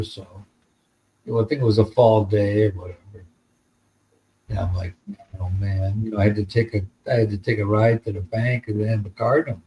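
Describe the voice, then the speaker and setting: A man's voice: on the low side, a little mellow, low-quality recording. An American man telling a long, rambling story in casual podcast chat, with plenty of swearing. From United States. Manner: rambling, profane, laid-back. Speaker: podcast host.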